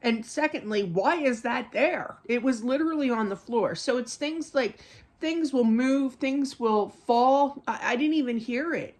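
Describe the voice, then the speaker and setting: A woman's voice: a little high, unhurried, a little mellow. A middle-aged woman giving a live psychic reading to viewers. She rambles in a chatty way, with many fillers and side stories. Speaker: psychic medium.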